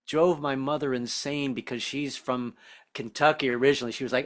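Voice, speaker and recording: During a stand-up comedy set, a Southern American man speaks briskly in a mid-range voice with fairly even intonation. He stammers, interrupts himself, starts over often, and keeps slipping into put-on voices.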